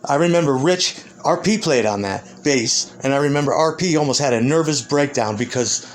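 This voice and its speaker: A man's voice: medium pitch, expressive, normal speed. A man, a musician, in a rambling and profane rant, combative and heated. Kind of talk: ranting monologue.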